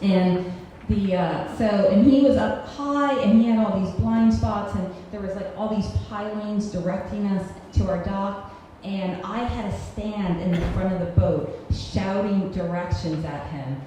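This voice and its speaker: A woman's voice: medium pitch, unhurried, few pauses, mellow. A woman in her thirties performing a live personal story on stage, wry and self-mocking, often laughing through her lines. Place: cultural center hall, on stage. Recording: echoey live hall recording with faint hiss.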